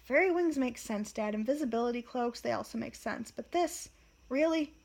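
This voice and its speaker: A woman's voice: a little high, expressive, normal speed, vocal fry, darkish tone. A woman reading the lines of a sulky, sarcastic teenage boy wizard in a storybook reading. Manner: sarcastic, mocking.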